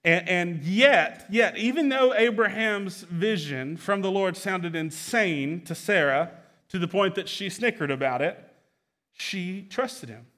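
A man's voice: sits high, a bit bright. A young man preaching a sermon as pastor, emphatic, often repeating phrases and restarting sentences.

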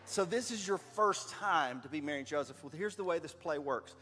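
Speaking into a handheld mic, a man narrates a story and directs children through a skit, playful, encouraging, and laughing often. His voice is fairly high, lively, brisk, pushed and bright. The recording has a little hiss or hum, long hall reverb, and faint music.

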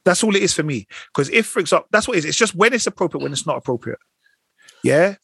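Fast-talking animated man. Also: fairly high pitch, creaky, breathy edge, dry recording. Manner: animated, acts out voices in anecdotes. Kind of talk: casual chat.

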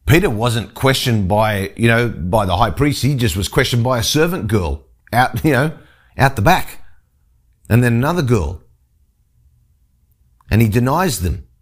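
A man's voice: medium pitch, big pitch swings, slow pace, long pauses. A man reading a scripture passage and then explaining it in an earnest teaching style, often restarting his sentences. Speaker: Bible teacher.

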